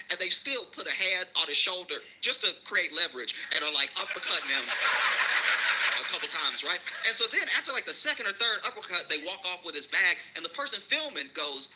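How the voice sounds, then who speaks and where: A man's voice: high-pitched, sing-song, a little fast, background noise. A man doing a stand-up comedy routine. He tells a rambling story and often laughs through his own lines.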